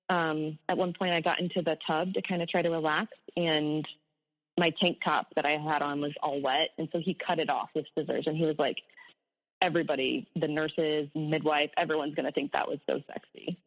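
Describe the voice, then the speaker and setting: A woman's voice: fairly low pitch, long reverb tail. Woman telling her story over a lo-fi line. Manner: candid, laughs ruefully at hard memories. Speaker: guest, abuse survivor. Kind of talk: personal storytelling in an interview.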